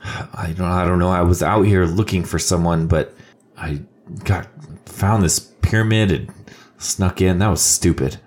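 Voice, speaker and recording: A man plays in a tabletop game, speaking slowly and hesitantly with many fillers. His voice is low and unhurried. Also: steady tone, a little mellow. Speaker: player. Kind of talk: casual tabletop play.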